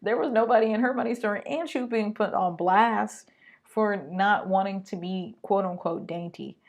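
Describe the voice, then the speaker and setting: A woman hosting a solo podcast, talking straight to her listeners in an animated, slangy way. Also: mid-range voice, normal speed. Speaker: podcast host.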